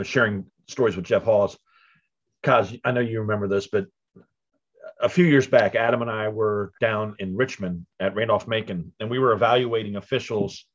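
A man, a podcast co-host, setting up a story in a measured, casual way. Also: fairly low pitch, muffled recording.

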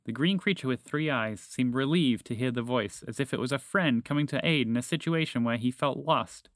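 A man narrating a children's storybook in a calm, even reading manner. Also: medium pitch, brisk, dry recording, studio quality.

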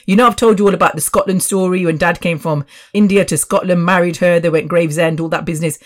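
A woman's voice: fairly low pitch, fairly even intonation, fast talker. A woman in her fifties hosting her own podcast, chatty and rambling with asides. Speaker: podcast host. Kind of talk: casual solo podcast chat.

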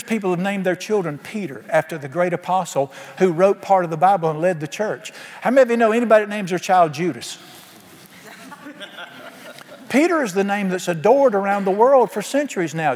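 Man, pastor, sermon, emphatic, questions to the congregation, echoing church hall. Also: high voice. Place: church sanctuary. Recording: long hall reverb.

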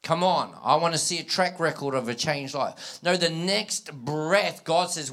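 A man preaching a sermon to a live congregation, animated, acting out scripture dialogue and prompting listeners with call-and-response. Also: on the high side, moderate pace, few pauses. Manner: acts out quoted dialogue in scripture.

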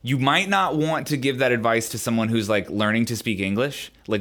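A man of middle pitch co-hosts a laid-back podcast. He talks through drumming ideas in long, easygoing explanations and chuckles readily between points. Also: brisk. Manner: explains at length, relaxed, chuckles often. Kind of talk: casual podcast chat.

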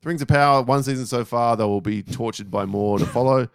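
A man's voice: medium pitch, fast talker, clear, resonant tone, no echo, clean studio sound. A man co-hosting a podcast in casual chat, wry and laughing often. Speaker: podcast co-host.

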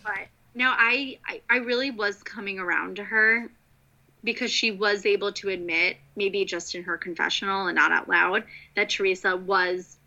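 Chatty woman with a bright lo-fi sound. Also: mid-range voice, fairly even intonation, moderate pace, creaky. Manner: chatty, swearing, fillers of like. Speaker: podcast co-host. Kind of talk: casual chat.

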